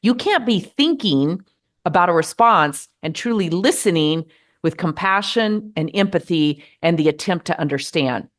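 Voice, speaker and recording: A middle-aged woman from the United States hosting a podcast, giving earnest, measured advice in a gently encouraging monologue. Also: on the low side, lively intonation. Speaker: podcast host.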